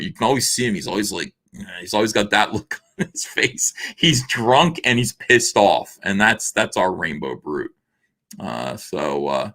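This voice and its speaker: A man's voice: on the low side, fairly bright tone. A man hosting a livestream, reading viewer messages and chatting in a rambling, casual way full of fillers. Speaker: livestream host reading super chats.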